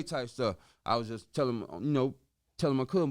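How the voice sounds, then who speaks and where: A man telling a story on a podcast in casual street slang, dropping in sound effects like woo and boom. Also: expressive, normal speed, smooth. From Chicago. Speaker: podcast guest.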